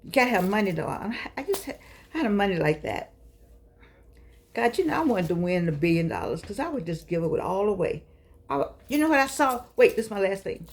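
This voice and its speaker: An older woman hosts her own show, speaking casually to camera in a mid-range voice that swings widely in pitch and runs a little fast. She addresses her audience in a fussing, encouraging, somewhat preachy way.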